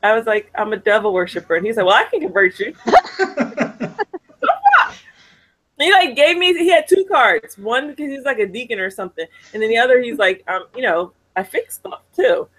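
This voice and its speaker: A woman co-hosting a casual chat show, reading viewer comments and telling stories in a candid, animated way. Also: a little high, normal speed, low-quality recording. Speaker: podcast co-host.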